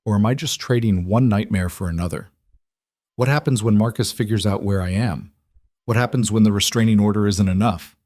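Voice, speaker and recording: A man's voice: fairly low pitch, fairly quick, darkish tone, no echo, studio quality, natural voice. A man voicing a frightened young woman on the run. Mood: earnest.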